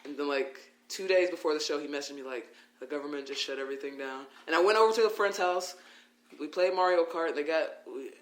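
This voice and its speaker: Man, fast-paced, animated storyteller, slightly high voice, roomy recording, faint hiss. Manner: animated, quick, acts out quoted voices. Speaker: wrestler guest. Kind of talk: casual podcast storytelling.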